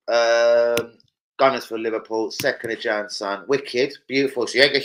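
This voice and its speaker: A man's voice: medium pitch, moderate pace, sharp tone, low-quality recording. A young man with a London accent hosting a casual livestream, swearing freely in laddish banter. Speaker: livestream host. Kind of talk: casual live chat reading comments. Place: home, indoors.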